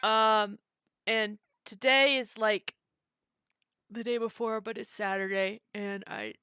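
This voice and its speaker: Bright, clear-voiced woman streamer. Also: medium pitch, expressive, slow, no room sound. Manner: chatty, rambling with many fillers. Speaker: streamer and server host. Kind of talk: casual live-stream chat.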